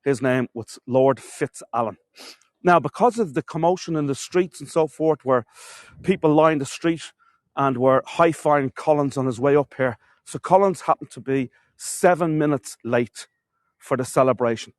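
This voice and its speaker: A man's voice: mid-range voice, moderate pace, dry recording. An Irish man guiding a live walking tour, telling history in a chatty storyteller way and calling his viewers folks. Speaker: tour guide. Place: castle courtyard outdoors.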